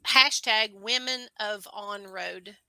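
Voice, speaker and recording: A woman's voice: medium pitch, slow, gravelly, bright, forceful tone, dry recording, poor audio. A woman co-hosting a casual live stream, teasing and amused.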